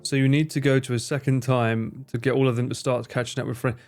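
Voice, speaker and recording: A man chatting casually on his livestream, rambling, joking and swearing freely with quick asides. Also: medium pitch, little pitch movement, a little mellow, soft background music. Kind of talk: casual chat reading stream chat.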